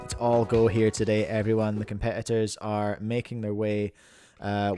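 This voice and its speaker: A man's voice: lowish voice, little pitch movement, normal speed, mellow, clean tone, no echo, studio quality. Playful man doing mock sports commentary. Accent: New Zealand. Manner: playful, rambling, self-mocking. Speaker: host and commentator.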